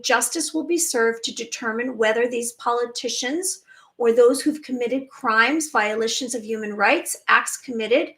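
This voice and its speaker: A woman hosting a spiritual live stream, talking emphatically in a chatty way and often restarting her words. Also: on the high side. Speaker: spiritual channel host.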